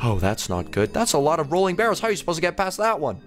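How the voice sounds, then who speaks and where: A man's voice: on the high side, fast, few pauses, soft background music. A man hosting a gaming video, giving playful, jokey let's-play commentary as he plays. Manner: playful, animated, jokey self-talk.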